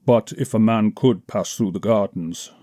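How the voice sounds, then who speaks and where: A man's voice: lowish voice, normal speed, dark tone, dry recording, studio quality, lightly acted. A man reading an audiobook, voicing a young male barbarian who speaks tersely and plainly, in no friendly tone. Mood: blunt.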